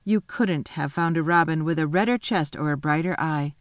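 A woman reading a children's storybook aloud in a calm, measured way. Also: deep voice, dry recording, clean studio sound. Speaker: audiobook reader.

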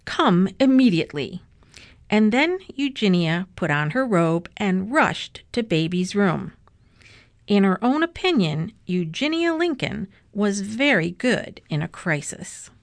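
A woman's voice: mid-range voice, no echo. A woman expressively reading a children's chapter book aloud. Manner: expressive, unhurried. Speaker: storybook reader.

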